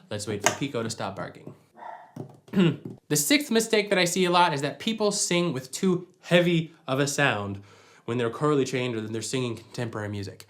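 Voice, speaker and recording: A man's voice: on the high side, a bit bright. A man giving a practical singing lesson at home, explaining each point by demonstrating it. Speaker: vocal coach. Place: at home with a dog nearby.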